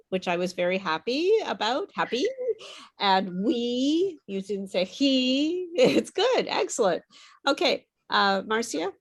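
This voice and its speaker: A woman teaching English pronunciation, encouraging and patient, explaining with frequent fillers. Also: mid-range voice. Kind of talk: online pronunciation lesson.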